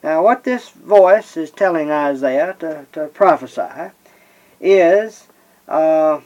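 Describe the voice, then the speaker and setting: A man preaching a Bible-teaching sermon. He slows down and leans on the scripture he reads, and pauses often with "uh". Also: a little high, lively intonation, darkish tone, dull audio. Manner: slows and stresses scripture readings, many "uh" pauses.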